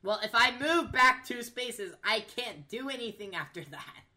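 A woman's voice: a little high, expressive, normal speed, sharp tone, slight background noise. A woman playing a tabletop game, arguing over the rules and hamming up her character's misery. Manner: argumentative, melodramatic. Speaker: player.

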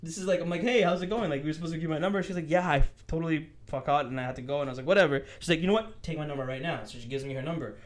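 A man's voice: a little high, racing, few pauses. A young man, a podcast co-host, telling a story casually and animatedly, acting out the dialogue and swearing freely.

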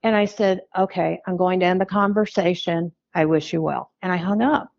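A woman's voice: lowish voice, steady tone, moderate pace, gravelly, darkish tone, no echo, highs cut off. Woman telling a candid story, dry sound. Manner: candid, wry storytelling with quoted dialogue. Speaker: podcast guest. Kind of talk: telling her life story.

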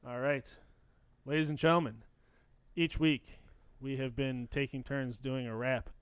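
A man's voice: medium pitch, steady tone, measured pace, clean tone, no room sound. A man hosting a podcast, chatting casually with brash, profane banter. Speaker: podcast host. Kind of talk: casual chat.

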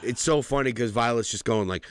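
A man in his forties, co-hosting a casual podcast chat, telling animated stories with lots of laughs and casual swearing. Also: medium pitch, brisk, dry recording. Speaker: podcast co-host.

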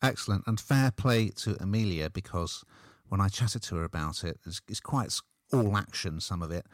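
A man's voice: low voice, animated, moderate pace, no room sound, clean studio sound. A man presenting a casual TV review chat, chatty and upbeat, laughing easily.

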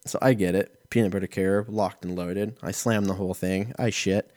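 A man's voice: low-pitched, steady tone, normal speed, darkish tone, no echo, studio quality. A man in his thirties hosting a podcast, telling rambling, profane, self-mocking comic stories in a casual way. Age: 30s. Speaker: podcast host. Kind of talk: casual comedic storytelling.

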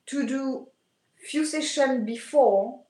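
A woman from France with a French accent, a guest speaking haltingly in English as her second language over a video call. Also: high voice, warm tone, reverberant, poor audio. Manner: halting, searching for English words. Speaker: guest aesthetician. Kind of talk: remote interview.

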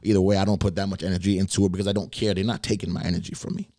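A man's voice: deep voice, level tone, rapid-fire, warm tone, dry recording, studio quality. A man hosting a podcast, telling a story in a laid-back, wry way and swearing casually. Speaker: podcast host.

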